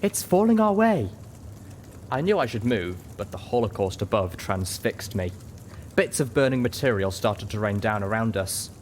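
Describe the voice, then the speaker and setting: A man narrating a story in first person with a steady, dramatic reading. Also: lowish voice, moderate pace, a little hiss or hum. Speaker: audiobook reader.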